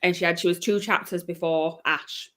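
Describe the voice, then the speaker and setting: A woman in a casual chat, animated and laughing often as she quotes lines. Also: lowish voice, normal speed. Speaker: guest.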